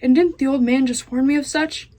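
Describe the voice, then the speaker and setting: A teenage girl reading aloud, voicing a loud, simple, half-deaf serving girl with rustic speech. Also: sits high, fairly even intonation, a little fast, voice pushed up, close to an everyday voice. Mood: loud, eager. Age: teens. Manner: shouting, rustic dialect.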